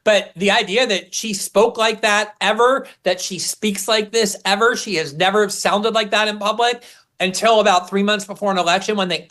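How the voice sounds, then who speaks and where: A man appearing as a guest commentator, speaking forcefully and with scorn about politics. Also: high voice.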